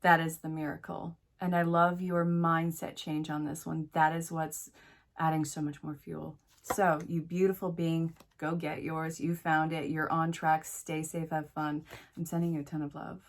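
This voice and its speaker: A woman's voice: deep voice, little pitch movement, moderate pace. A woman giving a solo tarot reading, speaking directly and encouragingly to the listener, with chatty asides. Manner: chatty asides, talks to spirit. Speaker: tarot reader.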